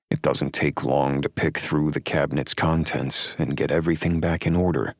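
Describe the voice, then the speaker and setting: A man narrating a romance audiobook in the first person, in a measured, wry way. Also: very deep voice, creaky, a bit bright, breathy edge, no room sound, clean studio sound.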